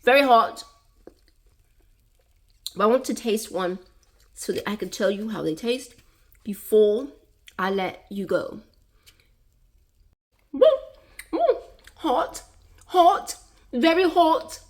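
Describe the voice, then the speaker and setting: Woman vlogger, slow and chatty, demoing a home recipe, lots of "y'all". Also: on the high side, lively intonation. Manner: chatty, repeats words, laughs, says "y'all". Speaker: cooking vlogger. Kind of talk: casual cooking video.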